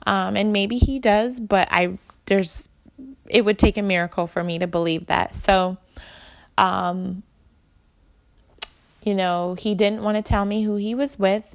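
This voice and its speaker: A woman's voice: medium pitch, flat delivery, unhurried, vocal fry. A young woman telling viewers a candid, emotional personal story in a vlog. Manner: confiding and emotional, talking straight to viewers. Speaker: vlogger.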